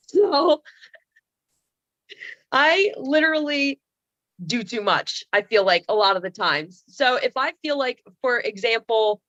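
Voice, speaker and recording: A woman's voice: fairly high pitch, fairly bright tone, no room sound, dull audio. A woman in her thirties telling comedic stories on a video call, sassy and self-mocking with playful asides. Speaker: comedian and speaker. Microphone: computer mic on a video call.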